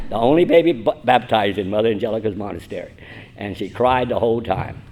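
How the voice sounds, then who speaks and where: Older guy in his 70s, rambling storyteller, lowish voice, keeps chuckling at his own jokes. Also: a little fast, a little mellow, a little hiss or hum. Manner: rambling, self-mocking humor, chuckles often. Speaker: conference speaker. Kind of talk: personal storytelling talk. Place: church hall at a conference.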